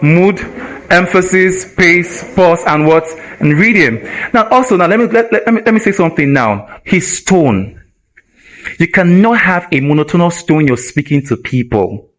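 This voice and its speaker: A man with a Nigerian English accent teaching communication skills at a live event, energetic and constantly asking the audience rhetorical questions. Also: fairly high pitch. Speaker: communication trainer.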